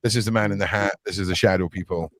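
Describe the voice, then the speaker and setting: A man's voice: low-pitched, fast, no echo. A man with a Scottish accent talking casually as a podcast guest, telling stories and often repeating his words. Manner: relaxed storytelling, repeats words. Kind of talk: casual chat.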